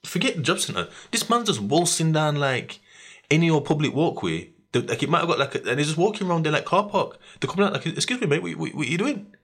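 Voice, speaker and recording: A young man with a slightly high voice talks fast as he hosts a podcast. He tells a story in slangy, animated chat, laughing often and acting out what people said.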